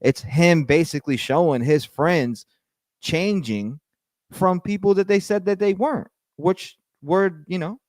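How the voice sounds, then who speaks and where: Profane, animated man livestreaming. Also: fairly high pitch, measured pace, dry recording. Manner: profane, animated, mocks with put-on quotes. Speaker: livestream host. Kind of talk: casual livestream commentary.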